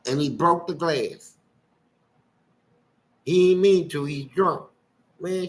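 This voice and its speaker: An older man, telling colorful stories from his past in a casual, animated way. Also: on the high side, poor audio. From Louisville, Kentucky. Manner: animated, colorful, acting out voices. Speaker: storyteller guest. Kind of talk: casual storytelling.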